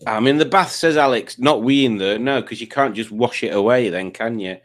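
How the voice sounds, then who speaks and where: A man's voice: medium pitch, a little fast, fairly bright tone. A man hosting a live quiz stream, rambling casually and reading out viewer comments. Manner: rambling, reads out chat comments.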